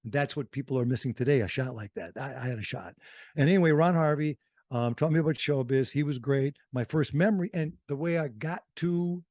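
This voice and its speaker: Radio veteran from Wisconsin, animated studio storyteller, dry close mic. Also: male voice, medium pitch, a little fast, dry recording. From Fond du Lac, Wisconsin. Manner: animated, acts out quotes in other voices. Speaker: radio host and interview guest. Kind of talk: storytelling interview.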